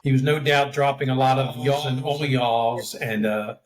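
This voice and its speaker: Male podcast host, relaxed and joking, medium pitch. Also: moderate pace, crowd noise. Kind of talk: casual interview chat.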